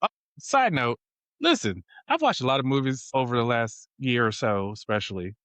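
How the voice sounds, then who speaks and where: A man's voice: medium pitch, very animated, normal speed, a bit bright, no room sound. A middle-aged man from rural Virginia, hosting a casual family podcast in a laid-back, joking way. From rural Virginia, USA. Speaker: podcast host and father.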